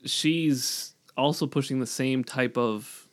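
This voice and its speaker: A man from Canada co-hosts a casual podcast in a mid-range voice. He talks in a halting, filler-heavy way, often restarting his sentences as he hunts for words. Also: medium pitch. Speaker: podcast co-host. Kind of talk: casual political chat.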